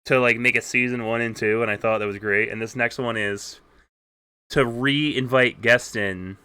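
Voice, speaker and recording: Bright, smooth-voiced joking podcast host. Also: male voice, mid-range voice, fairly even intonation, normal speed, dry recording. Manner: joking, rambling, laughs often. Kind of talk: casual interview chat.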